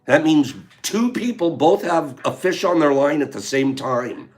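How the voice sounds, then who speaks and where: Faint music plays behind an older man as he hosts a casual talk and unhurriedly tells a fishing story, his voice on the high side. He tells it with animation, acting out what his friends said and chuckling as he goes.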